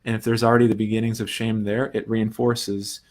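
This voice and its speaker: A young adult man hosting a recovery talk, explaining ideas earnestly in a casual teaching way, often restarting and softly acting out quoted thoughts. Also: fairly low pitch, little pitch movement, fairly quick. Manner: earnest, thinks aloud with restarts and soft quoted asides. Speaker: recovery podcast host.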